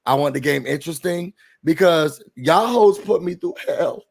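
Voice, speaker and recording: A man's voice: fairly high pitch, normal speed, creaky. A man hosting a casual podcast chat, talking animatedly and acting out what others said. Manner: animated, acts out quotes of others. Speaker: podcast host.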